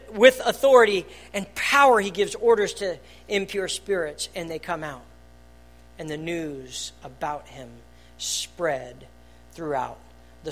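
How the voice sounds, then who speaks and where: An earnest pastor preaches in a church, moving between hushed, almost murmured phrases and loud, emphatic bursts. The voice sits at a middle pitch and builds steadily toward each point. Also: a little hiss or hum. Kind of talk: sermon. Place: church hall.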